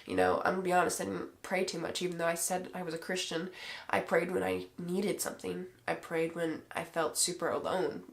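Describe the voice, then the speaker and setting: A woman's voice: on the low side, animated, fairly quick, gravelly. A woman giving a personal faith testimony to the camera, talking earnestly and emotionally straight to her viewers.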